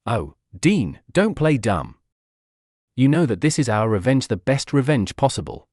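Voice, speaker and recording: A man's voice: mid-range voice, sing-song, a little slow, darkish tone, no echo, studio quality. A man voicing a cruel, scheming female monster who leads a clan, speaking in a taunting, sneering way.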